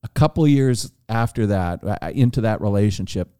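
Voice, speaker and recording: A man telling a long, animated anecdote on a podcast, with frequent restarts. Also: on the low side, normal speed, smooth, no echo, clean studio sound. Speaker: podcast guest. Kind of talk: casual storytelling.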